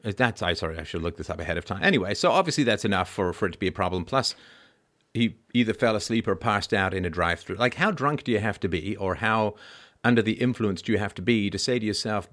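A man with a somewhat low voice delivers news commentary, reading reports aloud and then cutting in with mocking asides. His sarcasm jumps up in pitch and volume before falling back to a dry mutter. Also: animated, brisk. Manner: mocking, wry asides, swings from loud sarcasm to mumbled remarks. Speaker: podcast host.

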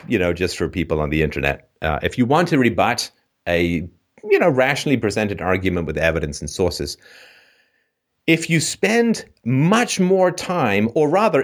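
A man hosting a call-in show, ranting sarcastically and with animation. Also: medium pitch. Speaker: host.

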